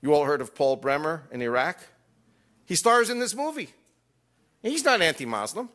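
A man's voice: a little high, big pitch swings, moderate pace, a bit bright. A man speaking to a live audience, telling personal stories with jokey asides and acting out quoted dialogue. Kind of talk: lecture storytelling.

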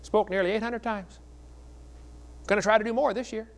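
Folksy middle-aged guy preaching, slightly high voice, tells stories and jokes. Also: fairly even intonation, moderate pace. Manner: folksy, joking, acts out quoted voices. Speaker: evangelist speaker. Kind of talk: seminar sermon with storytelling.

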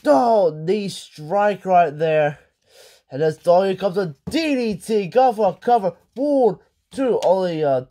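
A man calls a wrestling match in casual play-by-play, cursing freely and yelling on the big moves. His voice sits a little high for a man. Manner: excitable, swearing, shouts on big moves. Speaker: commentator.

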